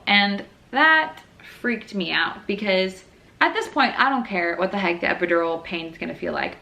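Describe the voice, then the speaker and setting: Candid young woman, bright chatty voice. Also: mid-range voice. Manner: candid, frank, chatty with many fillers. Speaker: new mother telling her birth story. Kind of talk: casual personal storytelling.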